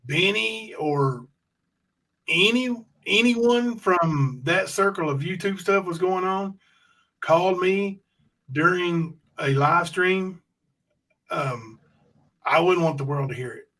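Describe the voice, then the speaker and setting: Livestream host, man, slightly high voice, skeptical interjector. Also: slow, pushed and bright. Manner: interjects, skeptical, corrects details. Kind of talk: casual livestream chat.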